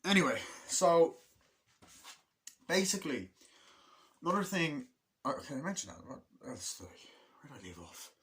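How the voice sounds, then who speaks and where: A man's voice: on the high side, very animated, a bit bright. A man giving a casual spoken movie review, rambling and chatty with many fillers and restarts. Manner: acts out film characters' lines in quick put-on voices.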